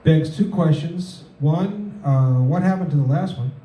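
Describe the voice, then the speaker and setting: A man doing stand-up in a club, his voice somewhat raised yet mellow and dark. He drops deadpan one-liners between halting fillers, picked up from a distance in an echoey room with a faint hiss underneath. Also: on the high side. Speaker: stand-up comedian. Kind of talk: stand-up set at an open mic. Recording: echoey room, mic heard from afar, faint noise.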